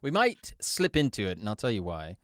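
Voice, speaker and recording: A man's voice: on the low side, huge pitch swings, brisk, a bit bright, no echo, clean studio sound. A man co-hosting a podcast, bantering in a campy, teasing, mock-grand way. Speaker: podcast co-host.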